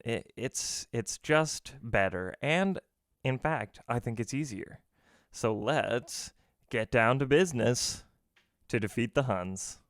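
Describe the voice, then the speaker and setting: A man's voice: mid-range voice, animated, slow pace, fairly bright tone, dry recording, studio quality. A man hosting a casual, jokey screen-recorded game development tutorial, walking through each step with self-deprecating asides. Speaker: game dev tutorial host.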